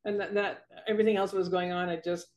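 A woman's voice: mid-range voice, level tone, fast talker, a little mellow. A woman guest, a copywriting coach, talking casually on a video call and laughing between phrases.

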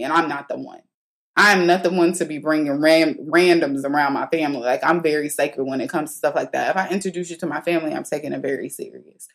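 Candid, chatty woman host, low-pitched. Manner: candid, chatty, laughs often, slangy asides to listener. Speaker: podcast host. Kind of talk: casual storytelling monologue.

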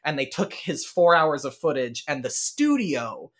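A man co-hosting a podcast in casual chat, telling stories with quick asides and laughing as he goes. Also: fairly high pitch, sing-song. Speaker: podcast co-host.

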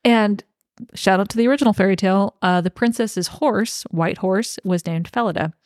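A woman's voice: mid-range voice, moderate pace, darkish tone, no room sound. A young woman co-hosting a podcast, casually recapping a novel's plot with wry asides and the occasional swear. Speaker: podcast co-host. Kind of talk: casual book discussion.

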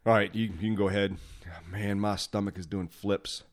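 Deep-voiced man telling stories. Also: moderate pace. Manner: animated, acts out quotes, laughs often. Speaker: podcast host, former fire officer. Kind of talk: casual storytelling chat.

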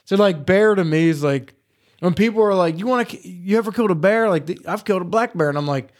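A man telling hunting stories in casual studio chat, profane and animated. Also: sits high, fast talker. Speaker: podcast co-host.

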